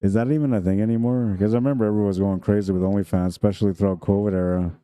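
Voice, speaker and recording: Deep, dark-voiced pool commentator, a man. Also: fairly even intonation, racing, clear, resonant tone, no room sound. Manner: chatty, jokey, laughs often. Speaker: pool tournament commentator and streamer. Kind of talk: live stream commentary.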